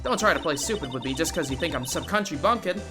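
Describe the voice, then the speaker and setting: A woman voicing a brash, loud Southern country woman photographer in a folksy drawl, over game music. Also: deep voice, expressive, fast talker, voice pushed up. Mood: scolding. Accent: American Southern drawl, put on. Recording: game music playing underneath.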